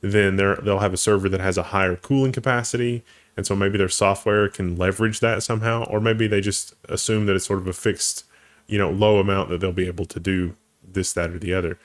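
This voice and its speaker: A man's voice: sits low, fairly even intonation, brisk. A man co-hosting a casual tech news show, thinking aloud and often restarting his sentences. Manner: thinks aloud, restarts phrases, laughs easily. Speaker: co-host.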